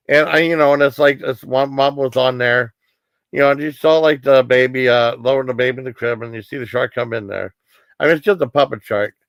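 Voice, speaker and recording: Male streamer, gravelly mid-pitched voice, loose rambling movie recap, dry close mic. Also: dry recording. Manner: rambling, full of fillers and quoted lines. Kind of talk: casual livestream movie recap.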